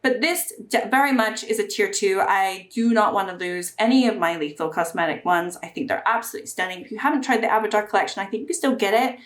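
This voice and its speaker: A woman's voice: mid-range voice, fast, hardly any pauses, roomy sound. A woman reviewing and ranking makeup palettes in a casual chat to camera, chatty and prone to gushing. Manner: chatty, gushing, bursts of excitement. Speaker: beauty YouTuber.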